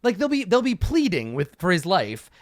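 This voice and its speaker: A man preps a tabletop session out loud as game master, thinking in loose fragments and swearing freely. His voice sits a bit high and swings widely in pitch. The sound is close and dry. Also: moderate pace, no echo. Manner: thinking aloud, animated, swears freely, acts out quotes. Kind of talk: casual solo campaign prep talk.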